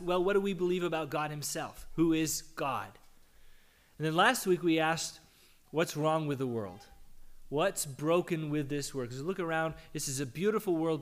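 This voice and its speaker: A pastor giving a conversational sermon, his voice hoarse from a cold, posing questions and answering them. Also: fairly high pitch.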